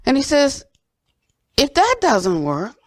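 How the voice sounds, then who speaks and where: An older woman teacher giving a dharma talk, earnest and gently questioning, often dropping to soft low tones. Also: wildly swooping pitch, takes it slowly, dry recording. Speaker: Buddhist teacher.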